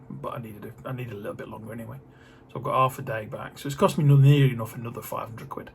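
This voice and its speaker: A man's voice: mid-range voice, a little hiss or hum. A middle-aged man, chatting casually on his vlog in a rambling, joking way full of fillers. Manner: rambling, jokey, many fillers. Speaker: vlogger.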